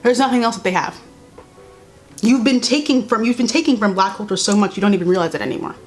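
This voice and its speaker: A woman's voice: mid-range voice, fast talker, soft background music. A young woman vlogging casual commentary while doing her makeup, blunt, sarcastic and exasperated.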